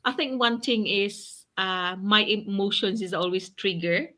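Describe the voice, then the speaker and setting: On a video call, a woman acting as an accountability partner shares earnestly in a casual group chat, often laughing as she talks. Her voice is medium-pitched, unhurried and sharp in tone.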